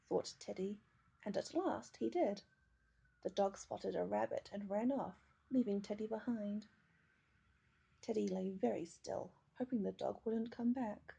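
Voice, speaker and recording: A woman reading a children's picture book aloud, with gentle, measured storytelling. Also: medium pitch, vocal fry, breathy edge. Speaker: storybook reader.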